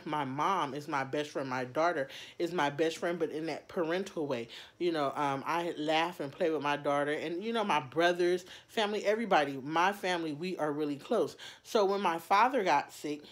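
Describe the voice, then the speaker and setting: Earnest, halting woman vlogger. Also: low voice. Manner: earnest, halting, many fillers and restarts; heartfelt, speaks straight to viewers. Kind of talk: personal talk to camera.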